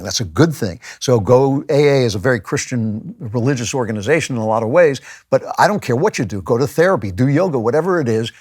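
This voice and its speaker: A man's voice: medium pitch, husky, no echo, studio quality. Man musing emphatically on faith. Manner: conversational, emphatic, animated quoting of others. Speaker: podcast host. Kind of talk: casual monologue on faith.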